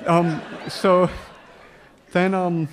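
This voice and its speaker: A man's voice: high-pitched, drawn-out words, background noise. A man telling a personal story to an audience in a humorous way, often chuckling as he talks. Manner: acts out dialogue with lively quoted voices.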